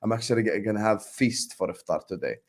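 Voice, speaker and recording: A man hosting a casual football livestream, thanking viewers by name in an excited, chatty way. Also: lowish voice, fast. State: sleepy, yawning. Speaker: host.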